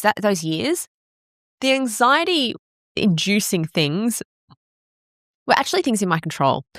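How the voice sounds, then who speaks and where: Blunt forties fitness coach lady, swears a lot, lowish voice, dry sound. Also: no room sound. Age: 40s. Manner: frank, swears freely. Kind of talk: candid personal monologue.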